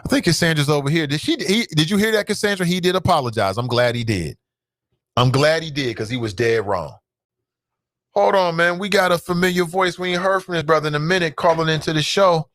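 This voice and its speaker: A man's voice: lively intonation, a little fast, a bit bright, no echo, studio quality. A man hosting a talk show, delivering an emphatic, preachy monologue straight to his listeners. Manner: loose and streetwise, with swings in pitch.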